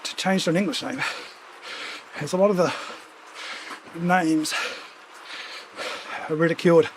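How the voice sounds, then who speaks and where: A man's voice: a little high, a little slow, background noise. A man with a runny nose from a cold, chatting casually and rambling with asides while riding on a home trainer as a stream host. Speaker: streamer hosting a cycling ride-along.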